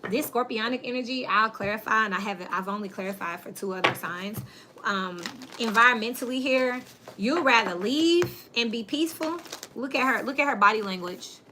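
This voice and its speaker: A tarot reader with a slightly high voice does a casual reading at normal speed, speaking bluntly and plainly to her viewers and telling stories with animation. Her background is noisy.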